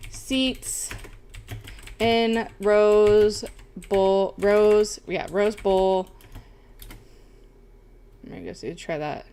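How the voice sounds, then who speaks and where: A young woman streamer with a mid-range voice and vocal fry rambles casually on her livestream. She swears frequently and adds "bro" and "okay?" to the ends of her lines.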